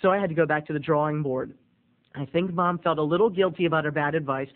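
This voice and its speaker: A man telling a comic personal story to viewers in an animated way, addressing them directly. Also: fairly high pitch, quick pace. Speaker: video blogger. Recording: tinny phone-like audio.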